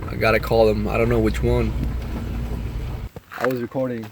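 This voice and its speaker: A man's voice: medium pitch, level tone, moderate pace. Young man, rambling vlogger, put-on southern drawl, noisy phone recording. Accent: put-on southern American. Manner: chatty, rambling, putting on a southern accent. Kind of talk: casual vlog talk to camera. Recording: noisy phone vlog audio.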